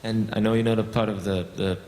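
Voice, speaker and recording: Deep monotone guy asking questions, kinda hesitant, far off in a big hall. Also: fast. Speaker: interviewer. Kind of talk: casual interview questions. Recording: distant in a reverberant hall with faint noise.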